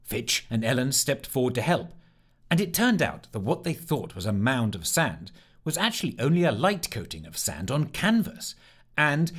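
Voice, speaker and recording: A man reads a storybook aloud, with a lively, swinging pitch and an expressive, animated delivery. He narrates steadily, rising and falling through the sentences.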